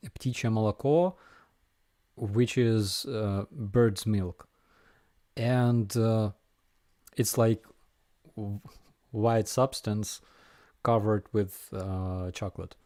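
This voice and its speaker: A man's voice: lowish voice, steady tone, extremely slow, pauses often, dark tone, no room sound, studio quality. A man with a Ukrainian accent hosting a casual live viewer Q&A, hesitant with many fillers and restarts.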